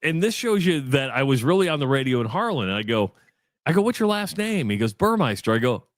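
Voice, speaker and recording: A man's voice: mid-range voice, expressive, fast talker, dry recording, clean studio sound. A middle-aged man from Iowa co-hosting a radio show, telling a long story and acting out both sides of the chat. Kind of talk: casual storytelling on sports radio.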